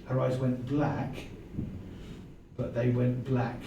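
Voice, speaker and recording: A man's voice: medium pitch, little pitch movement, takes it slowly, highs cut off, background noise. Man playing a tabletop game, blunt, very echoey room, mic far off. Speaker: player. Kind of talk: casual tabletop play. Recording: very roomy, distant mic.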